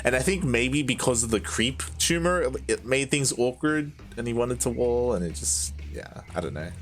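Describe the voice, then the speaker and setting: A man's voice: medium pitch, lively intonation, moderate pace. A man casting a live esports match, chatty and rambling, laughing often. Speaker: esports caster. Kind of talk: live game commentary.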